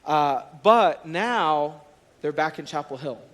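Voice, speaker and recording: A man in his thirties preaching a sermon as a college and students director, telling family stories in an animated, conversational way. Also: on the high side, slow. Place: large church auditorium. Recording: long hall reverb.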